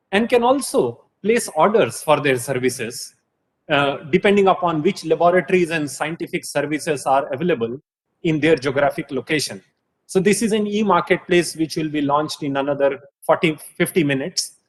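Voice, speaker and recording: A man introducing a conference session, speaking in a measured way with frequent fillers. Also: on the high side, poor audio. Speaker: session moderator.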